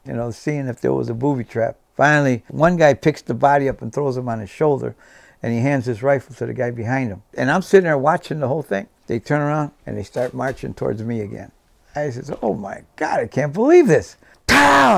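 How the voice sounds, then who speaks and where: Here a veteran in his seventies tells personal war stories with vivid flair, voicing the dialogue himself. He speaks a little fast in a mid-range voice with vocal fry, and there's no room sound.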